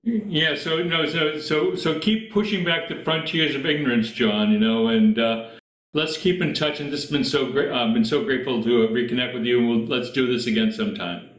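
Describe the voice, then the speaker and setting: A man's voice: medium pitch, moderate pace. Male interview host, New Hampshire accent, hesitant with fillers; echoey, muffled call audio. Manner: hesitant, many ums and uhs. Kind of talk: casual video-call interview. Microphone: video call.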